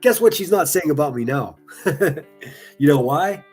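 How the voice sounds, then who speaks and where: A man's voice: a little high, lively intonation, normal speed, darkish tone, soft background music. A man doing casual reaction commentary, reading comments aloud in a sarcastic, mocking and profane way. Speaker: online commentary streamer.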